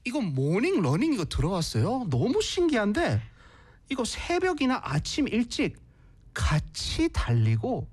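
Fast, animated radio host. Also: male voice, high-pitched, husky. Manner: rapid switching between English and Korean, animated. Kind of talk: bilingual radio chat.

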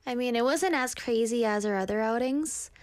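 A woman's voice: a little high, moderate pace, no echo. A young woman hosting a radio show, chatting casually in a bubbly, playful way. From Korea.

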